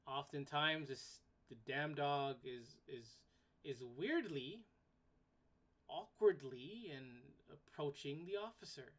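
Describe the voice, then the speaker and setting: A woman's voice: low voice, slow. A woman hosting a solo podcast, ranting bluntly, swearing casually and repeating herself when worked up. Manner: repeats words and restarts sentences when worked up. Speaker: podcast host.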